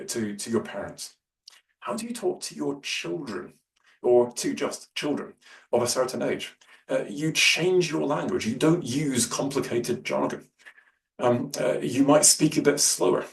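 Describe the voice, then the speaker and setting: A man giving a workshop talk on public speaking, with many fillers and restarts, who shifts his loudness and pace. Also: mid-range voice. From Scotland. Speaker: lecturer. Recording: roomy, distant mic, faint hum.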